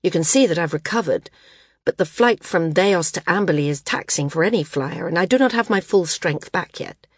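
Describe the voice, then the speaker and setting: A frank, wounded woman flyer, read by a woman narrator in a storybook. She speaks quietly and in measured phrases. The tone is low and the recording dry. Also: animated, breathy edge, dry recording.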